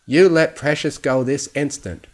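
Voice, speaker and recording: A patient old stallion gardener from a storybook, voiced by a man reading aloud. He speaks in a low, unhurried, gentle tone, as if chatting over the garden fence. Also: natural voice. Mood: stern. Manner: calm, gentle, conversational. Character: kindly old male earth pony gardener, calm and patient.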